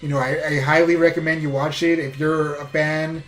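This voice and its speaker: A man's voice: fairly high pitch, level tone, normal speed, fairly bright tone, echoey room. A man giving a casual, enthusiastic movie review, filling his talk with "you know" and "like".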